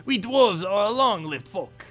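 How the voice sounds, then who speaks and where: A man voicing a tough, stubborn female dwarf fighter in a rough, pirate-like brogue. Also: sits high, lively intonation, a little slow, fairly bright tone, faint music behind, voice pushed up, heavily acted. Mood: gruff. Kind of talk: game dialogue read aloud.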